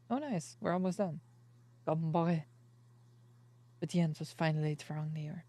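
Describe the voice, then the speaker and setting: A streamer reading a visual novel's text aloud and reacting playfully, dropping in Japanese words. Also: medium pitch. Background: soft game music.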